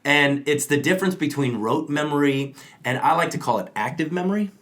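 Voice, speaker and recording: Energetic man coaching actors, chatty. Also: fairly high pitch, a little fast. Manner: energetic, often tags sentences with "right?". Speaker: acting coach and co-host. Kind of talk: casual instructional chat.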